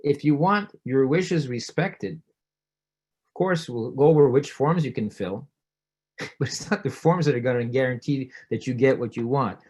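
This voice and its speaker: A middle-aged doctor talks an audience through real cases in a relaxed, conversational presentation. He tells each story vividly, lifting his voice when he plays the people in it. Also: moderate pace, breathy edge. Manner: storytelling, acts out quoted voices with rising pitch. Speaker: physician giving a public talk.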